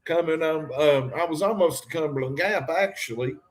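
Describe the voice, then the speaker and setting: A man rambles through a livestream, calling out to viewers by name and firing off jokes. His voice sits a little higher than most men's. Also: normal speed. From Harlan County, Kentucky. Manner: rambling, addresses viewers directly, jokey. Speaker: livestream host. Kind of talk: rambling livestream talk to chat.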